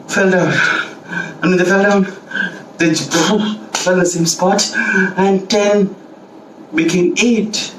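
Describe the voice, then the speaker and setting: A man's voice: high voice, measured pace, pauses often. Playful man telling a children's story. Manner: playful, animated, heavy repetition, asks listeners questions. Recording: echoey room from a distance, faint background hiss.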